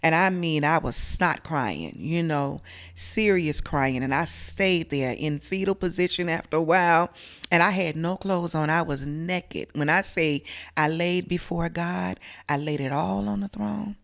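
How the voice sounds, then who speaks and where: A woman's voice: sits low, unhurried, creaky, a bit bright. A middle-aged woman, from South Carolina, telling a personal story as an interview guest in an emotional, earnest, conversational way.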